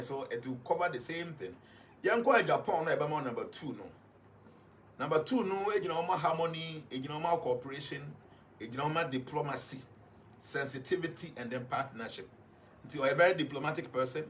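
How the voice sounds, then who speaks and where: A man's voice: a little high, a bit bright, slight background noise. A man with a Ghanaian accent speaking on live radio, explaining his points one at a time and mixing English with Twi. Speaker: radio guest reading numerology.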